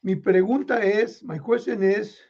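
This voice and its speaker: A man playing Santa Claus, reading children's letters with a folksy chuckle and many pauses. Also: high voice, a little mellow, lo-fi sound. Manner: chuckling, folksy, halting with fillers.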